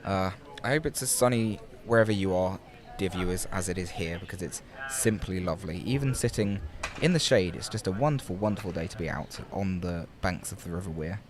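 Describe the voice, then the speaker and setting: A man's voice: sits low, fairly quick, crowd noise. A young man commentating live at an outdoor rowing regatta, chatty and playful with wordplay.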